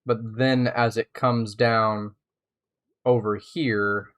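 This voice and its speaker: A man's voice: fairly low pitch, fairly even intonation, extremely slow, fairly bright tone. Chatty male game streamer. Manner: chatty, rambling, thinks aloud while building. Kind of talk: casual live-stream gameplay chat.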